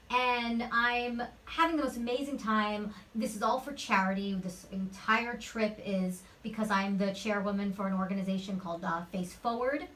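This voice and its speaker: A woman actress being interviewed at a home studio, telling a lively, chatty anecdote. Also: medium pitch, far from the mic, poor audio. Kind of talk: interview storytelling.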